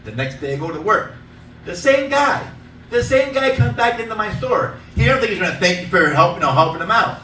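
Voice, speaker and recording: A man with a high, bright voice swings up and down in pitch as he tells his stand-up stories, laughing at his own punchlines. He is heard on a stage mic from some distance, in a roomy, echoing theater. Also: fairly quick, a little hiss or hum. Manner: loud, animated storytelling, laughing at own jokes. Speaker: stand-up comedian. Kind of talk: stand-up comedy set. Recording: echoey room, mic from a distance.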